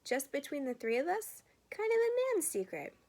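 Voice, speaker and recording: A cheerful, self-assured father from a children's storybook, read by a woman. He coaxes and jokes in a lifted, sunny tone that sits a little high. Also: big pitch swings, normal speed, warm tone. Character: cheerful confident father cooking for his boys.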